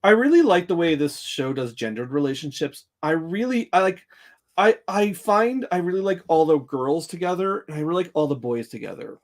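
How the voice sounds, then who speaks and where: A podcast co-host talking things through in a relaxed chat. They often stumble and restart mid-sentence while working out a point. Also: medium pitch, fairly quick. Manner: stammering restarts, thoughtful. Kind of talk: casual chat.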